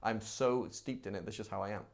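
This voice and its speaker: A man teaching a live religious class in a conversational, animated way, acting out everyday examples. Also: fairly low pitch, fairly quick, vocal fry. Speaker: Islamic teacher.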